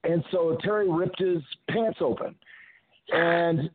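A man's voice: fairly high pitch, steady tone, takes it slowly, breathy edge. An older man, a retired wrestler, telling rambling stories as a guest in a phone interview, often restarting his sentences. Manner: rambling anecdotes with frequent restarts. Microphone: telephone. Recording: tinny phone line.

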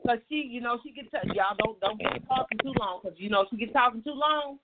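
A woman hosting a casual call-in show, chatty and animated, greeting listeners by name. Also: on the high side, fairly quick. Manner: animated, chatty, Southern Black vernacular turns of phrase. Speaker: host. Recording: tinny phone line with noise.

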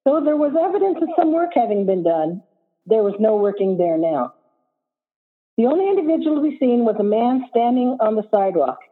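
A woman author reading her own short story aloud as steady narration. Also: on the high side, fairly quick, husky. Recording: phone-like audio line.

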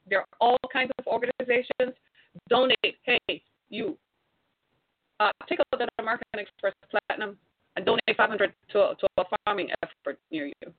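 Woman commentator, exhorting and preachy, dry close sound, husky voice. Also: a little high, dry recording. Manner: preachy, exhorting, rhetorical questions. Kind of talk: impassioned monologue to viewers. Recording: tinny phone-like sound.

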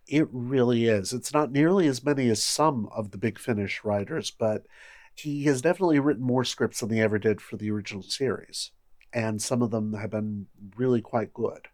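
A man's voice: medium pitch, a little mellow, dry recording, clean studio sound. A man hosting a casual podcast discussion, chatty and easily amused. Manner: chatty, amused, quick to laugh. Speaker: podcast host.

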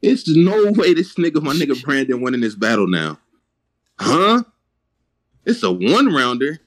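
Man, mid pitch, very lively intonation, slangy joking co-host. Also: measured pace. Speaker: podcast co-host. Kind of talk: casual chat.

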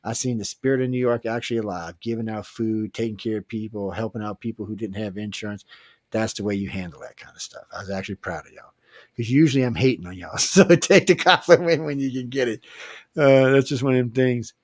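A man's voice: medium pitch, fairly quick, dry recording. Guy hosting radio, rambly and jokey, lots of restarts, dry studio sound. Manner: rambling, joking, with filler restarts. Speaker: radio show host. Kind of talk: casual live radio chat.

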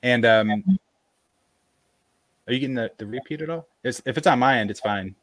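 A man telling a personal story in casual conversation, halting and full of fillers and restarts, on a video call. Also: mid-range voice, fairly bright tone, dry recording. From American South, Appalachia. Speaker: podcast guest.

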